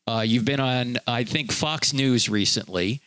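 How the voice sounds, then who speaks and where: A man's voice: medium pitch, unhurried, fairly bright tone, smooth, no echo. Dry-sounding male radio host. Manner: conversational, with fillers and plugs for the guest. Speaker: radio talk show host. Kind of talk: radio interview.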